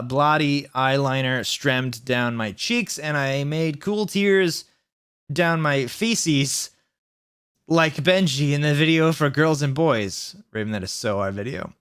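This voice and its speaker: Man doing a deadpan comedic reading. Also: medium pitch, smooth. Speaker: youtuber reading aloud.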